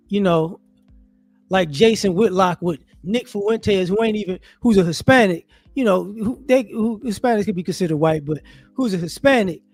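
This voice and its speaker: A man with a high voice gives casual, animated commentary online, speaking in a rhetorical style and repeatedly breaking off to restart what he's saying.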